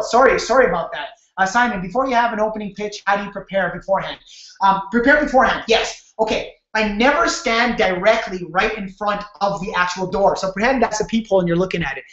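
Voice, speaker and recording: A man's voice: sits high, a bit bright. A man hosting a live sales-training webinar, talking casually with many restarts and acting out door-step scenes on a video call. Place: home room on a video call. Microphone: computer mic on a video call. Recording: echoey, dull webcam audio.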